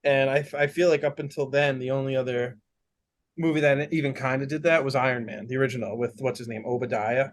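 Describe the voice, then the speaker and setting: A man's voice: medium pitch, steady tone, quick pace. A man in a casual podcast movie chat, enthusiastic, swearing freely and sometimes searching for names mid-sentence.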